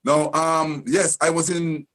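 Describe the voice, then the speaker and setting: A man's voice: fairly high pitch, little pitch movement, takes it slowly, low-quality recording. A man, a guest musician, answering interview questions in an earnest, courteous way. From Jamaica. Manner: earnest, courteous, full of thanks and praise.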